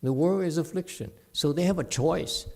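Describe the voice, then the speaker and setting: A man's voice: a little high, normal speed, gravelly. A man teaching a conversational Buddhist lecture in a temple hall, with chuckling asides to his listeners. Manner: animated, chuckling asides to the audience.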